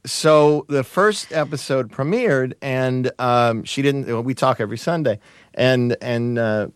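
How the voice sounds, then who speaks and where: A man being interviewed as a guest, telling stories in a halting, amused way with many restarts. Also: mid-range voice, clear, resonant tone, no echo. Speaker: guest, TV writer and producer. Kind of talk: conversational interview storytelling.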